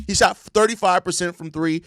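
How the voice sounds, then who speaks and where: A man's voice: high-pitched, a little fast, fairly bright tone, no room sound, studio quality. A young man hosting a sports show, ranting in exasperated, profane casual commentary and repeating himself. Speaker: sports podcast host.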